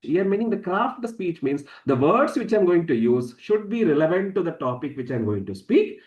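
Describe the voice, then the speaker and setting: A man's voice: big pitch swings, muffled recording. Emphatic man lecturing in an echoey room. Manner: emphatic, varies pitch and stress deliberately, repeats key words. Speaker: public speaking trainer. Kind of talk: online masterclass lecture. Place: online session from a room.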